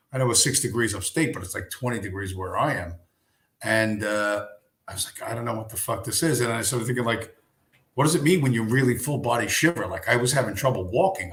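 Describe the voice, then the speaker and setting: A man's voice: fairly low pitch, fairly bright tone, echoey room. A man hosting a casual livestream, rambling and telling a story with lots of swearing, fillers and restarts. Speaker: livestream host. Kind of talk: casual chat stream.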